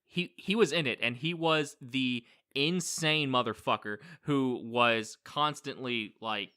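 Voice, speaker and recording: A man's voice: mid-range voice, slow, sharp tone, clean tone. A man co-hosting a podcast, chatting loosely about a movie, rambling and swearing casually. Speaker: podcast co-host. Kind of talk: casual movie review chat.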